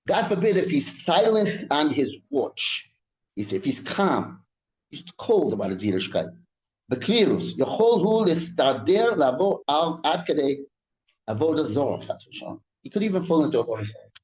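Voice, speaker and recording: Man teaching a lively Torah class. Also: on the high side, echoey room, low-quality recording. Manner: reads Hebrew quickly, then explains it in English with repetitions and restarts. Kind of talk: Torah class, reading Hebrew text and translating. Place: synagogue room.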